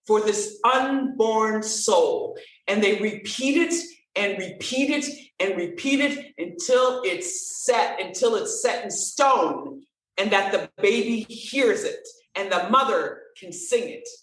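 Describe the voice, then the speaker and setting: A woman guest telling a story in an interview, animated and acting out the dialogue. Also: medium pitch, far from the mic. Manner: animated, expressive storyteller who acts out dialogue. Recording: roomy sound, from off-mic.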